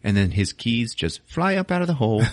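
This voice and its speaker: A man's voice: medium pitch, no room sound, studio quality. Crude laughing male podcast host. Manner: crude, laughing, acts out scenes. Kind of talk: casual movie recap.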